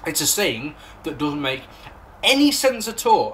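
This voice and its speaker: A man with an English accent reviews old wrestling matches in a loose, sarcastic ramble, swearing freely. His fairly high voice swings widely in pitch. A faint hiss of background noise sits under the recording. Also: big pitch swings, unhurried, a bit bright. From England. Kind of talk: casual recap and commentary.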